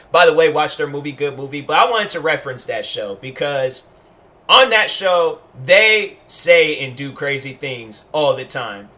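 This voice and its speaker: Bright, rambling man venting on camera. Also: a little high. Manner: rambling, heavy on fillers and restarts, emphatic. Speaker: YouTube commentator. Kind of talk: casual commentary monologue.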